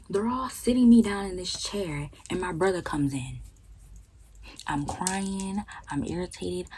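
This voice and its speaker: Brief: young woman vlogger, low husky voice, animated, profane storytime with whispered emphasis. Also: poor audio. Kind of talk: storytime vlog.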